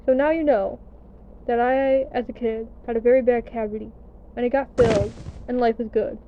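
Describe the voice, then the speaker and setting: A young American woman, a gaming vlogger, tells a story over gameplay in a casual, chatty, self-deprecating way, swearing now and then. Her voice is on the high side, with fairly even intonation and a moderate pace. The recording is muffled, with a little hiss or hum.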